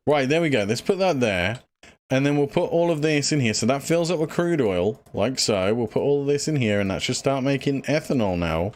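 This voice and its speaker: Breathless man, game streamer, rambling casual chat, mid-pitched. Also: expressive, fairly quick. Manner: rambling, lots of fillers, thinks aloud. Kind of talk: casual gameplay livestream chat.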